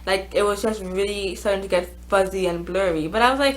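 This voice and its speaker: A woman's voice: medium pitch, a little fast, slight background noise, rough recording. A woman vlogger telling a casual storytime, chatty, with many fillers and restarts.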